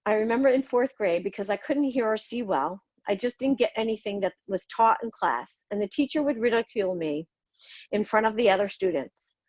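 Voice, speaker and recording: On her podcast, a middle-aged woman recounts her own life, somber and confessional, bluntly and with the odd swear word. Her voice sits in the mid range, and the recording is dry and muffled.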